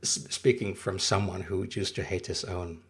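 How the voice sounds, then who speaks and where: A man in his thirties with a low, gravelly voice and a husky edge. He is not a native English speaker and rambles casually through a livestream, stopping to read and answer his chat. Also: steady tone, moderate pace, a bit bright.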